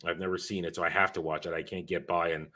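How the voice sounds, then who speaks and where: A man's voice: sits low, level tone, fast, sharp tone. A tired man hosting his own live stream, chatting casually and rambling as he corrects himself.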